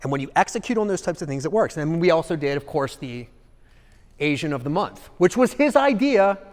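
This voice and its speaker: A man giving a live seminar talk in an animated way, acting out examples and checking in with the audience. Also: a little high, a little fast, big-room sound. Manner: animated, acts out examples, asks the audience "okay?". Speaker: seminar speaker.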